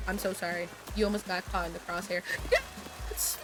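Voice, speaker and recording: A woman's voice: on the low side, little pitch movement, brisk. A woman streaming a game, chatting casually in a chaotic, playful way with lots of stammered restarts. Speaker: VTuber streamer. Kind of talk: casual gameplay commentary. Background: game music.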